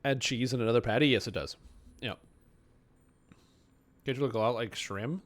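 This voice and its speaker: A young man chats loosely while streaming a game. He answers his viewers with rambling asides and self-mocking jokes. His voice sits at an everyday middle pitch. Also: moderate pace, long pauses, a bit bright. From Canada. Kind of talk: casual live-stream chat, answering chat.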